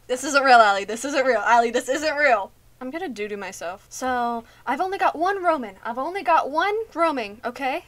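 With a high, expressive, fairly bright voice and a brisk pace, a young woman narrates her horror game let's play for her YouTube gaming channel. She sounds anxious and afraid, says things over again with trembling laughs, and admits she's lightheaded.

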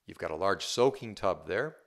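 Low-voiced man giving a home tour. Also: lively intonation, normal speed, a bit bright. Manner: upbeat, chatty, keeps asking the viewer "right?". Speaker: real estate agent. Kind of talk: casual home tour walkthrough.

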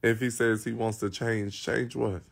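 A man's voice: lowish voice, little pitch movement, moderate pace, creaky. A man hosting a live stream, talking casually to his viewers in a blunt, profane and rambling way.

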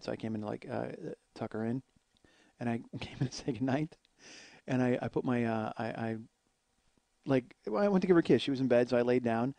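A middle-aged man telling comic stories and ranting, profane and animated, acting out the other people in them. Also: medium pitch, no room sound. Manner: ranting, profane, storytelling with acted-out quotes. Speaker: podcast host. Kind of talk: solo comedic monologue.

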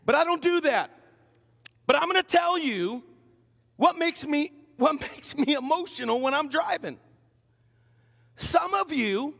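Male pastor with a very high, gravelly voice, playful preaching style, echoing sanctuary. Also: a bit bright. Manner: humorous, teasing the congregation. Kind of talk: sermon. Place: church sanctuary. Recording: long hall reverb.

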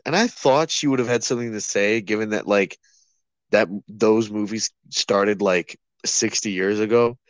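A man's voice: fairly low pitch, moderate pace, clean tone, no room sound, muffled recording. A young man co-hosting a podcast in a laid-back way, with chuckling asides. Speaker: podcast co-host. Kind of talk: casual chat.

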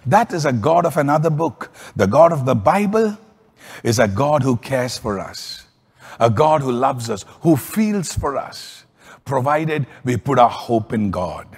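A man preaching a sermon as a pastor, telling stories with lively swings in pitch and volume. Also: measured pace, slightly rough, big-room sound.

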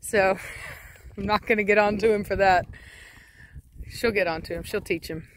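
A woman's voice: mid-range voice, steady tone, normal speed, slight background noise. A woman, a dog breeder talking casually to camera while firmly shushing and commanding her dogs. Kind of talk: casual vlog narration.

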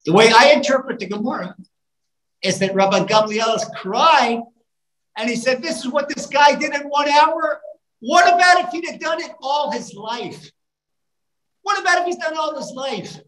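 A rabbi with a high-pitched voice gives a live sermon in a roomy, echoing hall, retelling stories with animated fervor. He breaks into snatches of song and builds his points toward impassioned emphasis.

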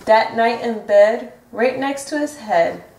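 A woman reads a picture book to children, gentle and sing-song, slow and fairly high. She sounds far from the mic in an echoey room. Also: vocal fry, slight background noise. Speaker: storybook reader. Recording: roomy echo from a distant mic.

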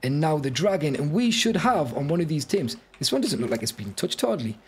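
A young man giving excitable, panicky live commentary on his gameplay and shouting orders to his creatures. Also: a little high, brisk, a little hiss or hum. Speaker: gaming YouTuber. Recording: loud game music behind the voice.

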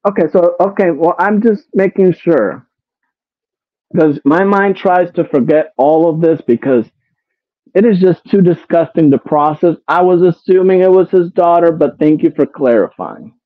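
Slow-talking man with a tinny phone-line sound. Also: fairly high pitch, expressive, dry recording. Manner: exasperated, keeps throwing rhetorical questions at viewers; swears, repeats phrases. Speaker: commentary streamer. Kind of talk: casual commentary to a live chat.

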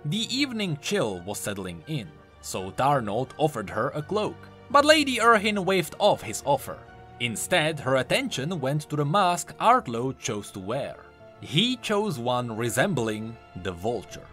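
A man narrates a scripted dark fable with dramatic, expressive delivery. His pitch rises and falls freely from line to line. Soft music plays underneath. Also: a little slow. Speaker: lore narrator.

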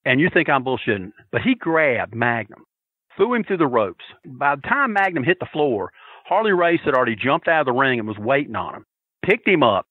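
Loud, lively storytelling man. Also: mid-range voice, fairly quick, slightly rough, dry recording, phone-quality sound. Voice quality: loud and boisterous, profane. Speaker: regular segment contributor. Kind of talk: loud storytelling, casual chat.

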